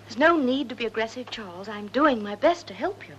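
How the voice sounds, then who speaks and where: A woman voicing a brisk, sensible wife who scolds and loses patience, in a radio play reading. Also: on the high side, expressive, fairly bright tone, muffled recording, a little hiss or hum. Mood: scolding.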